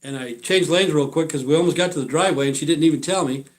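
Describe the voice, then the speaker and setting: A man in his sixties telling a long personal story on a live stream, rambling and blunt, full of fillers, often trailing off quietly at the ends of phrases. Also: a little high, fast talker. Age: 60s. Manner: blunt and profane.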